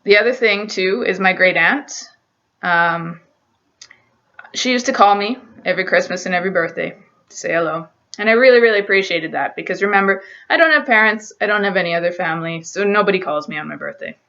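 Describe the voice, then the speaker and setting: A woman's voice: medium pitch, normal speed, bright, forceful tone. A young woman telling a personal story to camera in an earnest, emotional, searching way, on a dull lo-fi recording. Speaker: vlogger. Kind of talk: personal confessional vlog.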